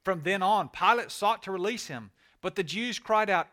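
A man, a pastor, reading scripture aloud and praying in an earnest, measured way. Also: high voice, bright, forceful tone.

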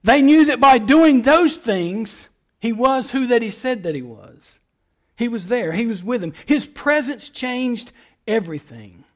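A middle-aged man preaching a sermon as pastor, building emphatic repeated phrases and swinging from loud appeals to hushed words. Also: very high-pitched, lively intonation, a little slow.

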